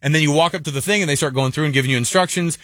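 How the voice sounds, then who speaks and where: A married man co-hosting a casual chat show, talking quickly in a joking way with lots of fillers. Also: on the high side, a bit bright, no room sound, clean studio sound. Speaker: co-host.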